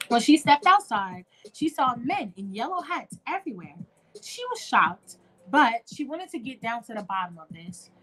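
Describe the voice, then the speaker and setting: A woman's voice: a little high, sing-song, normal speed, sharp tone, slightly rough, faint music behind, low-quality recording. A young woman hosting an online show, reading a fan-fiction story aloud in a chatty, casual way and addressing listeners directly. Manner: chatty, talks to listeners as "y'all".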